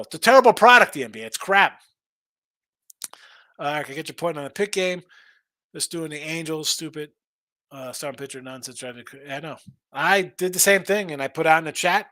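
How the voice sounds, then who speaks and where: A man's voice: on the high side, a little fast, pushed and bright, dry recording. A man hosting a casual betting stream, rambling through picks, repeating himself and reading out chat messages. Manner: restarts and repeats words often. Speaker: sports betting show host.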